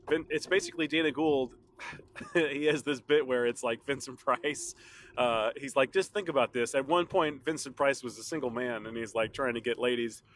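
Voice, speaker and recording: A man's voice: medium pitch, fairly bright tone, a little hiss or hum. Chatty rambling man with a sore throat. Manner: rambling, chatty, laughs often. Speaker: podcast host. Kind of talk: casual solo podcast chat.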